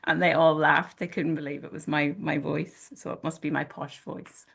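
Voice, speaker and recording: A woman with a deep, low voice hosts a group video call through a computer mic. She tells stories in a relaxed way and invites others to share. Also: normal speed, creaky. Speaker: host and practitioner.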